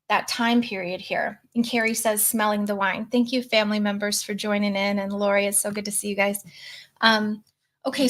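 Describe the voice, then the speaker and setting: Coach host, middle-aged woman, slightly high voice, chatty live-stream delivery. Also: fairly bright tone. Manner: chatty, reads out viewer comments. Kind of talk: casual coaching talk to a live audience.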